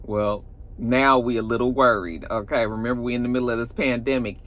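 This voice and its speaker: A woman's voice: extremely low pitch, steady tone, a little fast. A woman giving a casual, slangy recap review of a TV episode, acting out the characters' lines as she goes. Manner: chatty, slangy, acts out quoted lines.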